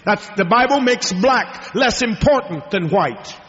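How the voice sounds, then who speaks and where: Man preaching, a bit high-pitched, storytelling big then going quiet, dull old recording. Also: lively intonation, measured pace. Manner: dramatic storytelling, swinging from hushed to raised. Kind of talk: sermon. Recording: dull lo-fi recording with long hall reverb.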